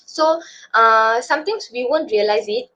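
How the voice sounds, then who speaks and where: A bright, forceful voice, a little high with lively intonation, comes from a young Malaysian woman presenting at a measured pace in a student webinar. She's casual and chatty, with a Malaysian accent and many fillers, heard through dull lo-fi video-call audio.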